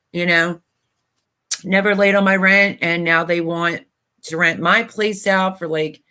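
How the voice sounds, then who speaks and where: A woman's voice: fairly low pitch, bright, forceful tone. A middle-aged woman from Pennsylvania talking on a live stream, choked up and close to tears, apologetic and rambling with many fillers. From Pennsylvania, USA. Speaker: YouTuber hosting a live stream. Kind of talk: emotional casual live-stream talk.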